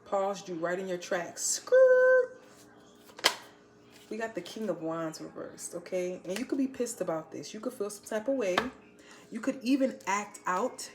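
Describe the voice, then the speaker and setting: A woman reads tarot cards in a casual, blunt way, her speech full of slang and teasing asides. Her voice sits at an ordinary middle pitch for a woman. A faint noise hums behind her. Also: normal speed. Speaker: tarot reader.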